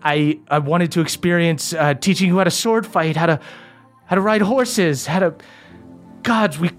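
A man voicing a remorseful, ghostly middle-aged mother who speaks haltingly and repeats her words, with faint music behind. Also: fairly high pitch, pitched above the performer's own voice, lightly acted. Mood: longing.

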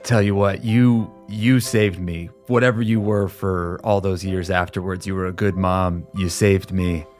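A man playing his character in a tabletop game, earnest with quick jokes. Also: low-pitched, steady tone, darkish tone, faint music behind. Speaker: player. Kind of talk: tabletop role-play.

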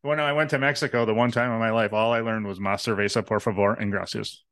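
A man's voice: on the low side, fairly even intonation, fast, a bit bright, dry recording. A man co-hosting a podcast, trading crude jokes and swearing freely in casual banter. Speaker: podcast co-host.

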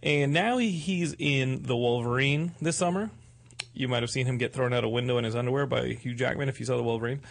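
A man's voice: mid-range voice, brisk, vocal fry. A man from Texas hosting a casual interview, joking and rambling through stories with many restarts. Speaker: host.

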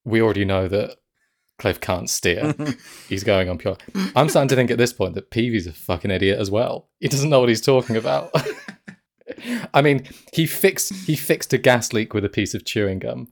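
Gravelly joking male podcast co-host. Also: on the low side, lively intonation, moderate pace. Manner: jokey, laughs often, quotes lines in mock voices. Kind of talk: casual chat reviewing a film.

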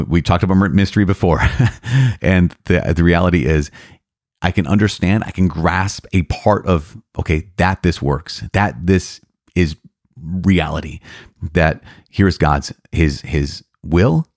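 A man's voice: low-pitched, a little slow, a little mellow, no room sound, studio quality. A man, a priest, hosting a teaching podcast, thoughtful and searching for words as he explains.

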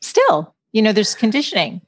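A woman's voice: mid-range voice, huge pitch swings, moderate pace. A woman hosting an interview, affirming and upbeat, who calls herself positive and happy. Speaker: podcast host. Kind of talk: conversational interview.

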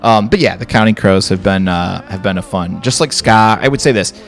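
Chicago man, lowish voice, loose rambling podcast co-host, soft music under him. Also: brisk. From Chicago area. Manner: rambling, many restarts and fillers. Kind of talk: casual chat.

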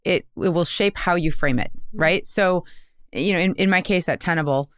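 Clear-voiced woman giving business advice. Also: fairly low pitch, moderate pace, fairly bright tone, no room sound, clean studio sound. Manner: explanatory, tags points with "right?". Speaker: marketing executive guest. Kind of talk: conversational advice.

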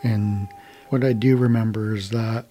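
A calm, laid-back young man from the United States, telling a traditional story to a gathering. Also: fairly low pitch, measured pace, faint music behind.

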